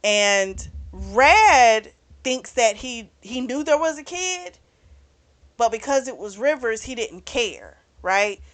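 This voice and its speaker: Her voice is on the high side, expressive and a bit bright, and she speaks slowly with no echo. She's a book club host casually retelling a novel, chatting away and sprinkling in "you know" and "he's like."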